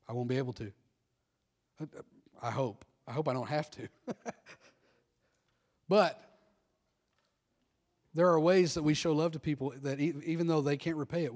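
The voice is a man's, medium in pitch and a little mellow. He's a middle-aged pastor giving a sermon, telling candid stories about himself and inviting amens from listeners.

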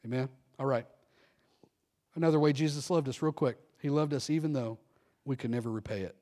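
Here a middle-aged man preaches briskly, his medium-pitched voice warm. His sermon mixes candid personal anecdotes with repeated calls for amens, call-and-response fashion.

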